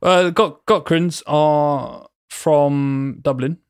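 A man's voice: fairly high pitch, fairly even intonation, slow, clear, resonant tone, dry recording, clean studio sound. A man co-hosting a casual chat, talking in a playful, rambling way and painting vivid pictures with his words. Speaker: podcast co-host.

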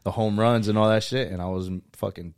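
A man's voice: fairly low pitch, steady tone, a little fast, darkish tone, clear, resonant tone. A man, a comedian guest on a podcast, telling jokey, profane stories in casual chat. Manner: profane, jokey, laughs often.

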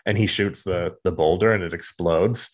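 A man's voice: low voice, moderate pace. A man co-hosting a podcast, casually recapping a comic and acting out the characters' lines in silly voices. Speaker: podcast co-host.

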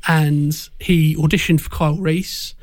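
A man's voice: a little high, steady tone, measured pace, dry recording, clean studio sound. A man co-hosting a casual film-discussion podcast, talking with frequent fillers and restarts. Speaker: podcast co-host.

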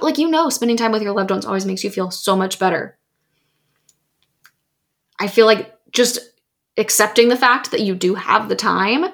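A young woman talks straight to her listeners as a podcast host, coaching them with emphatic, animated delivery. She slips into mock voices for the excuses she quotes, then snaps back to firm encouragement. Her pitch sits in an ordinary middle range. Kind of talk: solo podcast advice talk.

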